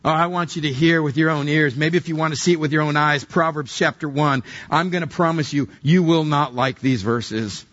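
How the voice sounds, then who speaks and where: Husky-voiced man preaching a sermon. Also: on the high side, fairly quick, few pauses, a bit bright, highs cut off. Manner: conversational, humorous, acts out little scenes. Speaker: pastor.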